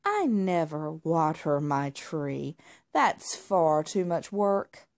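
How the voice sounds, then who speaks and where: A woman's voice: mid-range voice, expressive, moderate pace, a little mellow, natural voice. A spoiled, grumpy male cat from a children's storybook, full of huffs and entitled demands , voiced by a woman reader. He sounds lazy and snobbish.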